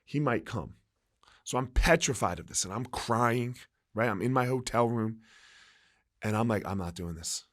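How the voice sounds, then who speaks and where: A man's voice: medium pitch, unhurried, pauses often, a bit bright. A man in his forties, a former fighter and gym owner, telling stories candidly and emphatically in an interview, swearing freely and often asking "right?". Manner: profane, emphatic, frequent "right?" and "like".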